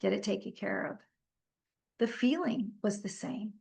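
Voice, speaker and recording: At a medium pitch with a creaky quality and a measured pace, a middle-aged woman leads a workshop. Her delivery is conversational and filler-laden as she tells vivid stories and asks her group for comments.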